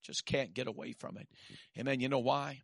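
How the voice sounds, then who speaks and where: A man preaching a sermon, swinging from shouted peaks to quiet asides and dropping in "amen.". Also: mid-range voice, a little fast, creaky, no room sound, studio quality.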